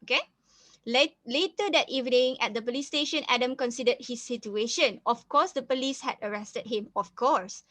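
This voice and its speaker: A woman's voice: on the high side, normal speed, fairly bright tone, no echo. A woman with a Malaysian English accent, teaching a reading lesson. She often repeats herself, restarts phrases and slips into Malay. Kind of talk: reading lesson, explaining a story.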